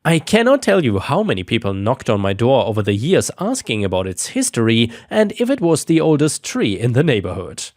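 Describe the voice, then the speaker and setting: A man's voice: medium pitch, huge pitch swings, a little fast, hardly any pauses, a little mellow, dry recording, clean studio sound. A man narrating a dramatic first-person neighbor-dispute story with a sarcastic, indignant manner.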